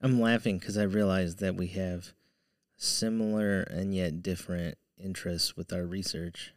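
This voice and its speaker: A man's voice: low voice, fairly even intonation, measured pace, no room sound. A man co-hosting a casual chat, trading dry, joking quips. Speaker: podcast co-host.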